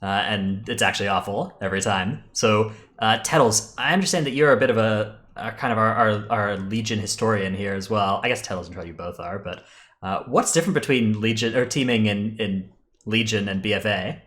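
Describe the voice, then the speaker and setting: A man's voice: fairly low pitch, a little fast, a bit bright. A man co-hosting a live-streamed gaming podcast in casual chat, talking easily with many fillers and restarts. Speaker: podcast co-host.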